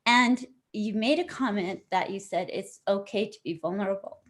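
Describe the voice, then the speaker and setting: A woman's voice: medium pitch, moderate pace. A middle-aged woman being interviewed as a guest author, sharing in an earnest, effusive way that turns tearful at moments. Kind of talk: emotional personal sharing in an online interview.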